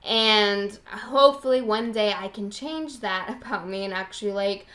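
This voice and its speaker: Bright-voiced young woman rambling casually. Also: medium pitch, normal speed. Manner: rambling, heavy on "like" fillers, swears casually. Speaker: podcast host. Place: at home, at a partner's computer.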